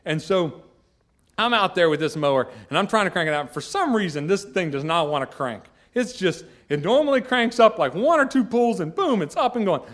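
Man, middle-aged, slightly higher register; folksy rambling storyteller. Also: sing-song, brisk, a bit bright. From Georgia, US. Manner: rambling, self-interrupting, folksy. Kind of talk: casual personal storytelling.

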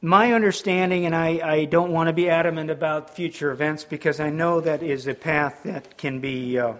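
Preacher, middle-aged man, pitch a touch high, halting sermon delivery with frequent ums. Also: steady tone. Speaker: pastor.

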